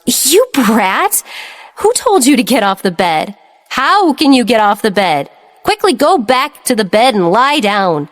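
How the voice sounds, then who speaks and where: A woman's voice: fairly high pitch, sing-song, a little slow, in a large hall, voice pushed up. A woman voicing an emotional, protective young woman who scolds her brother. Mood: scolding. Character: young woman, tearful, fiercely protective sister.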